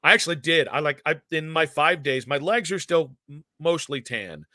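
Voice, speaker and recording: A young man co-hosting a sports podcast, talking in a bright, forceful voice that sits a bit high for a man. He tells stories animatedly, jumping up in pitch and volume when excited. The sound is close and dry. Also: normal speed, no echo. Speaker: podcast co-host. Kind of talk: casual chat.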